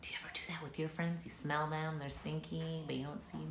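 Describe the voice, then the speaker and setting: A woman reading a picture book aloud to children, animated and coaxing them to clap and shake along. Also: low voice, a little fast, creaky, few pauses, roomy sound. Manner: animated, coaxing kids to join in. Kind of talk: interactive storybook read-aloud.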